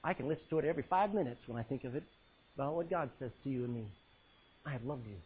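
A male pastor preaching a sermon, swinging between loud cries and hushed words as he quotes scripture in old-fashioned style. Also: mid-range voice, expressive, fast, slightly rough, phone-quality sound.

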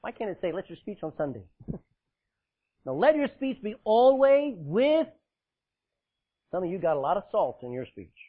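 Pastor, man, emphatic preacher with a husky, high, swooping voice, captured on a thin, phone-like recording. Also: very animated, moderate pace, long pauses. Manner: forceful, emphatic preaching with sudden loud bursts and dramatic drops; laughs often, jokes with the congregation. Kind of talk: sermon. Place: church, live congregation. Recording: tinny phone-like sound.

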